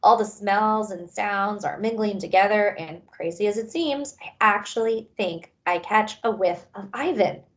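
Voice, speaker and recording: A woman reading a children's novel aloud, raising her pitch and energy for the characters' lines. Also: measured pace, hardly any pauses. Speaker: reader. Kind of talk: audiobook-style read-aloud.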